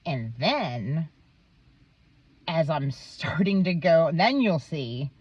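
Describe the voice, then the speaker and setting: A woman's voice: low voice, expressive, drawn-out words, a little mellow, husky, no echo, highs cut off. A woman vlogging in a casual, rambling monologue, swearing often and filling with "um" and "like.". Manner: rambling, swears a lot, many "um"s and "like"s.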